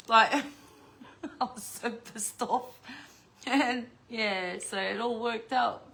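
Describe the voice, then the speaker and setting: A woman's voice: on the high side, slow pace, a bit bright. A middle-aged woman chatting casually as a vlogger, swearing freely and laughing often. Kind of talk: casual unboxing chat.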